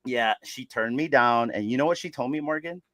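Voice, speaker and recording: Male podcast host, animated profane storyteller, dry close sound. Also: medium pitch, fairly quick, dry recording. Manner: animated, profane, laughs often. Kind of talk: casual storytelling chat.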